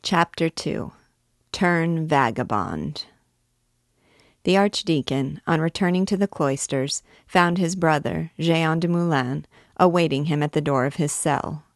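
Woman reader, deep voice, slow and measured, dry close recording. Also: dry recording. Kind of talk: reading a novel aloud.

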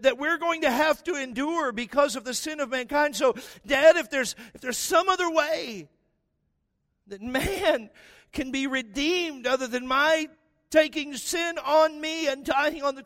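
A man preaching voices Jesus as an anguished grown man pleading with his father, crying out until nearly shouting. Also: very high voice, in a large hall, pitched above the performer's own voice, heavily acted. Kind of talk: dramatized sermon prayer.

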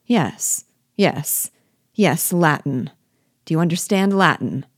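A woman's voice: low voice, expressive, slow, husky, dry recording, studio quality, full character voice. A woman reading an audiobook, voicing a cunning, imperious male rebel general who blusters with anger and mock learning.

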